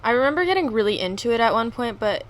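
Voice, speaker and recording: A young adult woman co-hosting a podcast, telling a story in animated, casual talk full of slang. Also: fairly high pitch, quick pace, slight background noise. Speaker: podcast co-host. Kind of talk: casual chat.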